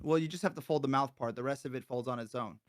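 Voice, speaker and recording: A man as an improv interviewee, answering in a deadpan, bluffing salesman manner. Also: medium pitch, quick pace. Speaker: mock job interviewee. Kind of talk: improv comedy.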